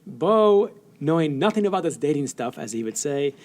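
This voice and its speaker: Animated storytelling man, slightly high voice. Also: normal speed, slight background noise. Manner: animated raconteur, laughs often, acts out quotes. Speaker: author guest. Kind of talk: storytelling interview.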